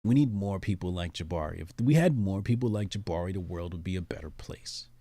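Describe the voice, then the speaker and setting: A man's voice: low-pitched, animated, fairly quick, warm tone, no echo. A man hosting a livestream, reading viewer messages in a laid-back, rambling way with many fillers. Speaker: livestream host.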